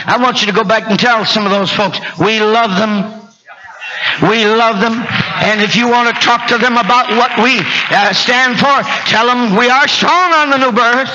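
Male preacher, very high and piercing voice, calls out to the congregation and builds to shouted peaks; muffled lo-fi recording with faint noise. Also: normal speed, few pauses. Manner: swings from low asides to high shouted climaxes. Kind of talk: fiery sermon.

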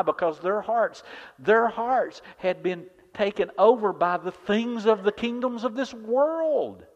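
A man preaching a sermon as pastor, impassioned, swinging from loud declarations to hushed, intimate lines. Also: sits high. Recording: dull, reverberant hall sound.

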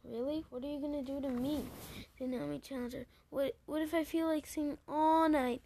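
A woman's voice: sits high, steady tone, a little fast, a little hiss or hum, pitched above the performer's own voice. A woman reading aloud as a defiant young female dragon who challenges her guards. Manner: challenging, loud off-key singing.

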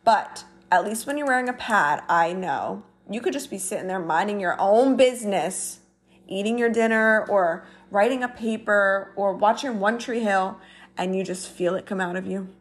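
A woman's voice: medium pitch, moderate pace. A young adult woman vlogging in a casual, chatty way, blunt and exasperated as she vents. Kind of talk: casual talk to camera.

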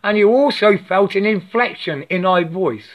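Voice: medium pitch, moderate pace. A speaker delivering an impassioned solo rant in clipped, broken English, dropping articles, tagging lines with "yeah?" and swearing often in anger. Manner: swears often and vents with angry emphasis. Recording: dull lo-fi recording.

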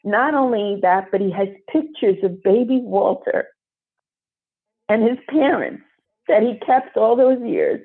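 A woman who is a podcast guest, telling a story in an animated, emphatic way. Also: fairly high pitch, a little slow, breathy edge. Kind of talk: storytelling interview. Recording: phone-like narrow sound.

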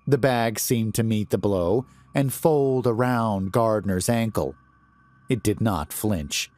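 A man reading a horror story aloud in a deliberate, expressive manner. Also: on the low side. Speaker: narrator.

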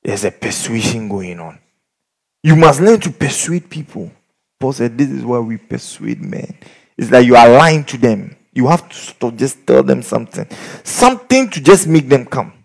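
A man's voice: mid-range voice, normal speed, gravelly. A man preaching a sermon, telling stories and acting out the people in them. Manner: animated storytelling, acts out quoted people.

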